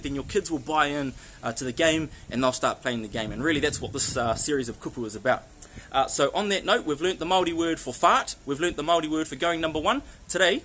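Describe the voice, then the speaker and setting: A man with a New Zealand accent giving a casual spoken lesson, friendly and chatty, slowing down on words for the listener to repeat. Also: on the high side, fairly bright tone, slight background noise, poor audio. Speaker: language teacher.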